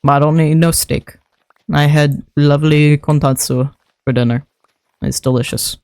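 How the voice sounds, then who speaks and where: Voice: medium pitch, steady tone, moderate pace, a little mellow, smooth, no echo. Rambling young adult streamer, dry close sound. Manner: rambling and conversational, with frequent laughs and casual swearing. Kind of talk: casual livestream chat while building in a game.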